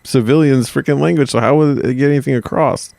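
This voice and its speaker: A man's voice: mid-range voice, steady tone, fast, creaky, a little mellow, dry recording. A man co-hosting a casual history podcast, talking loosely and asking questions, with lots of fillers and restarts. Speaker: podcast co-host.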